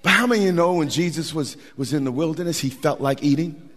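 A man preaching a sermon as pastor, animated and folksy, repeating words for emphasis. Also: on the high side, quick pace. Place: church sanctuary. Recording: long hall reverb.

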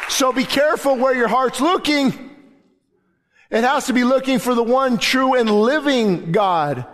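A man preaching a sermon as pastor, with a fervent delivery in a church service that swells to loud, emphatic declarations. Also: very high voice, unhurried, some chatter behind. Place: church sanctuary during a service.

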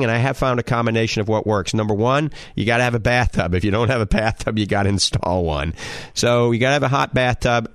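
A man's voice: mid-range voice, fairly bright tone, no echo, studio quality. A man in his sixties with a New Orleans Cajun accent, hosting a call-in health show and giving advice in an emphatic, instructive way. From Louisiana. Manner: emphatic, instructive, repeats "all right?" and "okay?".

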